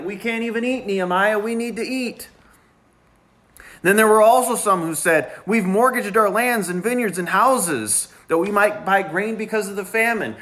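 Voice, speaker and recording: Animated man preaching a sermon. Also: sits high. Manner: animated, acts out complaining voices; casual, conversational preaching. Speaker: pastor.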